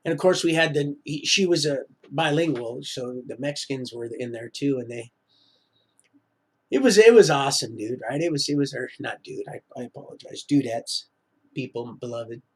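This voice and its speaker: A man telling his life story on a live stream, halting and full of restarts, drifting into preachy religious asides. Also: medium pitch, slightly rough. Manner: preachy, sprinkles in religious talk. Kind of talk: rambling live-stream monologue.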